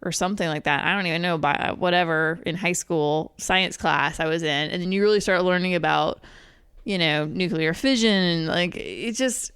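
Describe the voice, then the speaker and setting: A woman's voice: fairly low pitch, normal speed, a bit bright, clear, resonant tone, no echo. A woman in her thirties co-hosting a podcast, chatting casually and rambling with many restarts. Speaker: podcast co-host. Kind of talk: casual chat.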